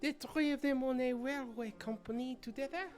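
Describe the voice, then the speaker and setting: A streamer voicing a naive, chirpy young noble lady in a high sing-song put-on voice while playing a story game. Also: moderate pace, faint music behind, close to an everyday voice.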